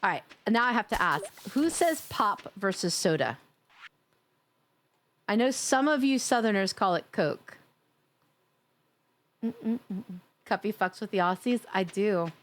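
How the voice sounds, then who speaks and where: A woman's voice: medium pitch, expressive, unhurried, long pauses. A woman from New York chatting casually and teasingly with her viewers while live-streaming a game, laughing often.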